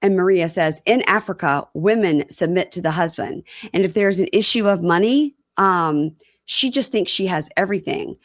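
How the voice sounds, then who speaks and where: A woman co-hosting a casual chat, retelling scenes with lively acted-out quotes. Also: lowish voice, moderate pace, no room sound, clean studio sound. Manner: animated retelling, acting out quotes. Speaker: podcast co-host recapping reality TV.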